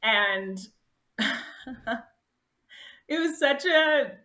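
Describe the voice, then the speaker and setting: A woman's voice: high-pitched, lively intonation, extremely slow, pushed and bright, echoey room. A woman guest telling a race story in casual conversation, emotional and laughing often as she relives it. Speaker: guest ultrarunner.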